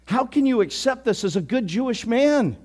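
A man's voice: a little high, very animated, slow pace, fairly bright tone, full character voice. A man voicing indignant male religious leaders, pleading in exasperated protest.

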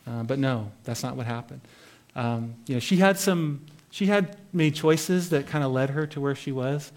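Male Bible teacher, mid-pitch, casual devotional tone, reads and comments conversationally. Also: normal speed, a little mellow. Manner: conversational, reads scripture then comments with asides.

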